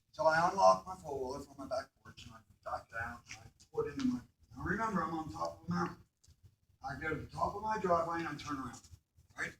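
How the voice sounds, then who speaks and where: A man tells students an emotional story from his own life, stopping often to question the crowd. His voice is bright and a little high for a man. He sounds far from the mic in an echoing school hall. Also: slight background noise. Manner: asks the audience questions, repeats "right?". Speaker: motivational speaker at a school.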